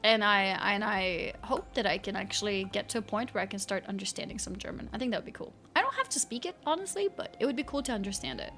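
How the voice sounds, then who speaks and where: Laid-back woman gaming on stream, talky and giggly, soft music under her. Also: mid-range voice, animated, quick pace, few pauses. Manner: chatty, reads chat aloud and laughs often. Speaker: game streamer. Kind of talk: casual live-stream chat.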